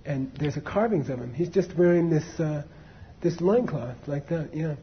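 A man's voice: fairly high pitch, normal speed, dull audio, a little hiss or hum. A man giving a casual Buddhist dharma talk, telling a story conversationally with many asides to his listeners. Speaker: Buddhist teacher.

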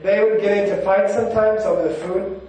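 A man's voice: high-pitched, fairly even intonation, fairly quick, warm tone, slight background noise. A man, a monk, giving a casual spiritual talk full of personal stories, rambling and conversational with many "you know"s. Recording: very echoey room, mic far off.

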